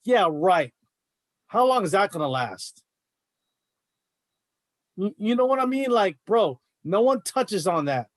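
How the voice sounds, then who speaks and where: A man's voice: high voice, very animated, slow pace, long pauses, no echo. A middle-aged man, a martial arts coach, talking in a fired-up, emphatic way on a podcast. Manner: fired-up, emphatic, says bro a lot. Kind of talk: casual podcast chat.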